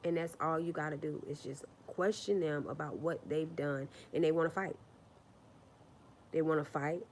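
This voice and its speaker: A woman's voice: deep voice, fairly even intonation, moderate pace, a little mellow, slight background noise. A woman telling a personal story on a casual livestream, blunt and profane, hammering points home with repeated phrases. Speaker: livestream host.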